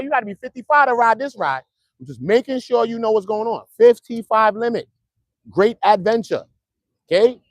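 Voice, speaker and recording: A man's voice: high-pitched, no room sound, studio quality. Joking man streaming outside a courthouse. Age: adult, at least 55. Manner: loose joking street talk, swings from loud to muttered. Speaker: streamer giving trial updates. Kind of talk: casual live-stream chat. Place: outdoors near a courthouse.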